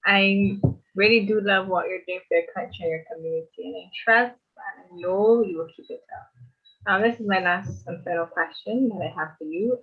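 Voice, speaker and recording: A woman's voice: mid-range voice, a little fast, husky, recorded from a distance. A young woman interviewer on a video call, earnest and admiring as she asks her questions. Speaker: youth interviewer. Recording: tinny phone-like line.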